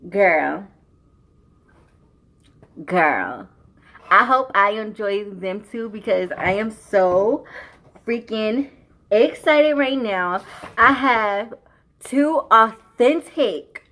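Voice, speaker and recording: A young woman, gushing excitedly through a beauty unboxing vlog and repeating "y'all" and "oh my God". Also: medium pitch, very slow, long pauses. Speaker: beauty vlogger.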